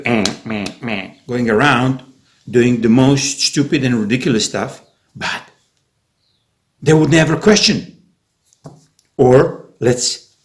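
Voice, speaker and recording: A man rants through a rambling vlog monologue at a middle pitch. He talks sarcastically and conspiratorially, often stopping and restarting his sentences. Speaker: vlogger.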